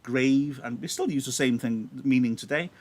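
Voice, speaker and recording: Welsh guy teaching a play, chatty, keeps asking yeah?, average pitch. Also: moderate pace, a little mellow. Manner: conversational, checks in with "yeah?". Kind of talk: live reading with analysis.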